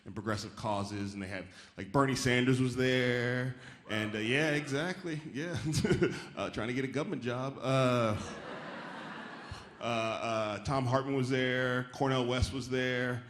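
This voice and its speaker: A man performing stand-up in a big theater, his voice bouncing around the hall and faint audience sounds underneath. He keeps it loose and conversational, chatting with the crowd and slipping into bright, chirpy impressions. His pitch sits right in the middle for a man. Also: measured pace. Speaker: stand-up comedian. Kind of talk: stand-up comedy set. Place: theater stage before a live audience. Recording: roomy live hall with faint crowd noise. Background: audience laughter.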